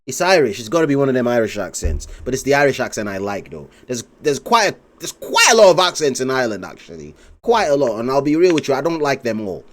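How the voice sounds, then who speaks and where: A man's voice: medium pitch, big pitch swings, fast, few pauses. A man streaming live, rambling in casual commentary, swearing and laughing often.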